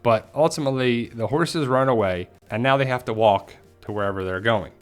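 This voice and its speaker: A man at a mid pitch chats through a casual episode recap and theory breakdown. He talks loosely and animatedly, and he drops into the characters' lines as he goes. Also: a little fast, smooth, soft background music. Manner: chatty, animated, acts out quotes. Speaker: TV show commentator.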